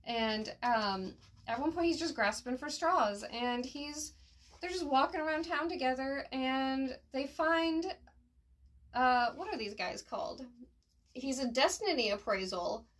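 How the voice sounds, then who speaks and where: A chatty woman recapping a story in a casual spoken review. Her voice sits fairly high, and she talks in slang with plenty of fillers. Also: expressive, unhurried, a bit bright. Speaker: manga reviewer.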